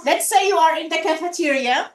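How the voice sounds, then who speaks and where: A woman with an Arabic accent teaching a class in a lively, coaxing way. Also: extremely high pitch. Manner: lively, coaxing, quick asides to pupils. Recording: roomy classroom from far off.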